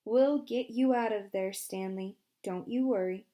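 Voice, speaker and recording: A woman doing a fierce, brisk lady lawyer. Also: medium pitch, lightly acted. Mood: forceful. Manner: forceful, snapping. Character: sharp-tongued female lawyer, brisk and fierce.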